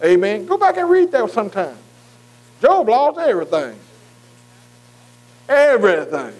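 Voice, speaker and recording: A man's voice: high voice, sing-song, a little slow, rough recording. An older man preaching a folksy sermon, often checking in with his congregation. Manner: folksy, calls for congregation response.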